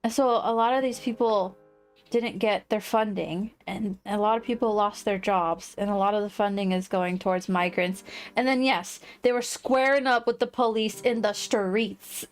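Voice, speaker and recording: A woman livestreaming casual chat, rambling and quick to laugh. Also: medium pitch. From United States.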